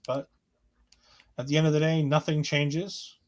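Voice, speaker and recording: A man's voice: on the high side, fairly even intonation, normal speed. A man co-hosting a casual wrestling chat show, joking with sarcastic mock outrage. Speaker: wrestling podcast co-host.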